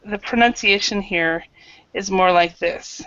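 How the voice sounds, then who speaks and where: A woman's voice: mid-range voice, measured pace, fairly bright tone, dry recording, lo-fi sound. A woman teaching an online English grammar class, patiently calling on students by name and correcting their answers.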